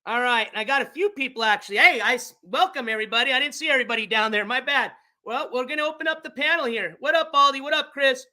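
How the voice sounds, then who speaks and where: A man hosts a casual live stream and brings guests up to the panel. His voice is very high and sharply bright, and he talks in an informal, apologetic way. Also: quick pace, hardly any pauses. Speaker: stream host.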